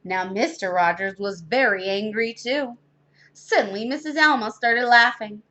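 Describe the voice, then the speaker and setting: A woman's voice: fairly high pitch, measured pace, bright, forceful tone, lo-fi sound. A woman reading a children's storybook aloud expressively. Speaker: reader.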